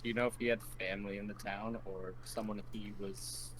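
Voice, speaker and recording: A man's voice: fairly low pitch, little pitch movement, a little fast, background noise. A man playing in an online tabletop game, asking questions in plain terms. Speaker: player. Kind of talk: casual game chat.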